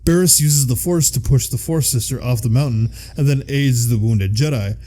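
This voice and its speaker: Midwestern American man, podcast co-host, mellow dark voice, casual chat. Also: mid-range voice, moderate pace. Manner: casual, laughs often, curses freely. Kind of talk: casual chat, reading episode summaries.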